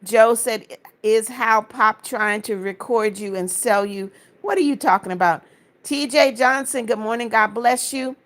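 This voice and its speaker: Woman from Florida, livestream host, reads comments aloud, friendly replies, slightly high voice. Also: measured pace, a bit bright. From Florida, United States. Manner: reads viewer comments aloud and answers each one; friendly greetings and blessings to viewers. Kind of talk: casual livestream chat.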